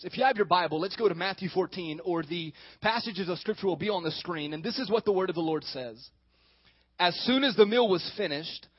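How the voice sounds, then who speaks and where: A man preaching a sermon as pastor, animated, acting out the scripture dialogue he reads. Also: sits high, dry recording, highs cut off.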